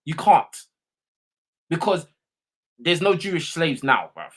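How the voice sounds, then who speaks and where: A man with a London accent hosts a live call-in show and argues combatively. He swears, talks over his caller and keeps hammering the same slang tags. His pitch swings widely from word to word. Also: sing-song, slow, breathy edge. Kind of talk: heated live call-in argument.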